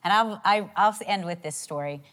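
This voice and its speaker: A woman's voice: medium pitch, moderate pace, fairly bright tone. A middle-aged woman co-hosting a marriage talk, telling a story about leading a Bible study. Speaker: co-host, Bible study leader.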